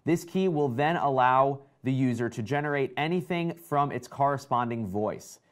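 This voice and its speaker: Male tech-stream host, chatty and excitable, mid-pitch. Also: normal speed. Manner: excited, chatty, reads out viewer comments. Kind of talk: casual live-stream tech chat.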